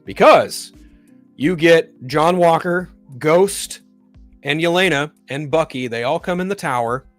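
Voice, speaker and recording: A man's voice: a little high, a little slow, no echo, faint music behind. A man hosting a solo live stream, chatting casually and profanely about a film and reading viewer comments. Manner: profane, ranting, rises into loud exasperation.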